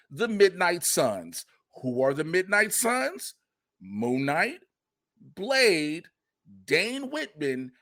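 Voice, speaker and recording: A man hosting a podcast in casual chat, animated and profane, acting out quotes in funny voices. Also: a little high. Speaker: podcast host.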